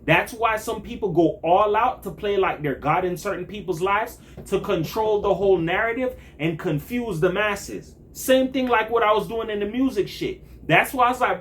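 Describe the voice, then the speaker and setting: A young man giving a blunt, animated monologue full of street slang and profanity, acting out other people's voices as he tells his story. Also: high voice, normal speed, hardly any pauses, slight background noise. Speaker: vlogger. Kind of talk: casual monologue to camera.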